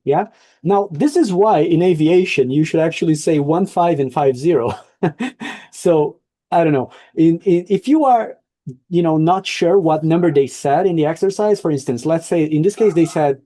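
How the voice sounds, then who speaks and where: Male teacher, online class, dark, dry sound, coaching tone. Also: a little high, moderate pace, no room sound. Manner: explaining, coaching, frequent checks. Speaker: English teacher.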